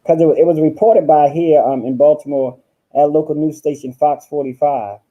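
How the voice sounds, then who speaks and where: A man's voice: fairly high pitch, fairly even intonation, normal speed, lo-fi sound. A man hosting a casual livestream from home, talking in a sassy, profane way and calling his listeners honey and girl. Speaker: livestream host.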